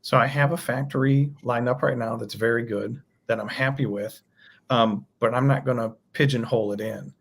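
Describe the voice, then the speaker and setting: A man's voice: mid-range voice, steady tone, moderate pace, vocal fry, slightly rough. A man talking as a podcast guest about his toy designs, enthusiastic and rambling. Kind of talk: casual podcast chat.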